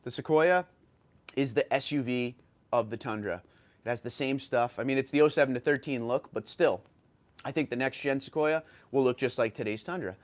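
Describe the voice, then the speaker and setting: A man's voice: medium pitch, moderate pace. A man with a New York accent hosting a casual livestream, reading viewer comments and chatting loosely with fillers and restarts. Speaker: livestream host.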